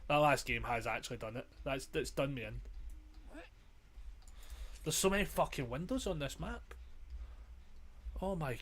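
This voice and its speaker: A man's voice: mid-range voice, expressive, measured pace, long pauses, a bit bright, slight background noise. A man commentating his own gameplay casually, exasperated and self-mocking, swearing constantly, his throat strained and frazzled. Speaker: gamer streamer.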